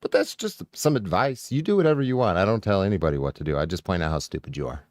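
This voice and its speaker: A blunt man riffs over a live stream, cursing and mocking as he goes. His voice sits very low but swings widely in pitch. The sound is dry and close to the mic. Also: animated, fast, dry recording. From United States. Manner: blunt, mocking, swears freely. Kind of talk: profane reaction commentary.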